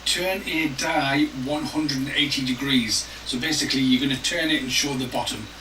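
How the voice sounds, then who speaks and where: Calm man explaining a game, distant echoey mic. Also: medium pitch, moderate pace, over a noisy crowd. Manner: calm, step by step. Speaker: game player explaining rules. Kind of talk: rules walkthrough and game narration. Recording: roomy distant mic, noisy.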